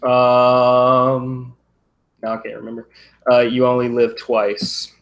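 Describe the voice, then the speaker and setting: A man co-hosting a podcast, recapping a TV episode in relaxed, joking chat. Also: medium pitch, slow pace. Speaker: podcast co-host.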